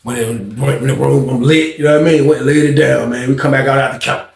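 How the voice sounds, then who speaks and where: A young man telling a story casually, animated and slangy, talking straight to his listeners. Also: mid-range voice, quick pace, vocal fry. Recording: roomy echo.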